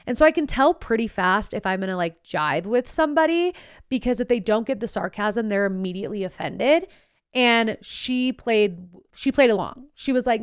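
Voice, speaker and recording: Talking at normal speed in a smooth, medium-pitched voice, a young woman tells a casual story on her podcast. She's sarcastic and bubbly, animating the voices of everyone she quotes, including herself, and the studio recording is clean with no room sound.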